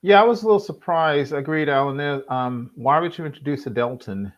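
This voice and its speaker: A man's voice: fairly high pitch, animated, fairly quick. A man joining a casual podcast over a remote call, agreeing with the others and hesitating as he talks. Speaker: podcast co-host. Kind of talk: casual chat. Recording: dull remote call audio.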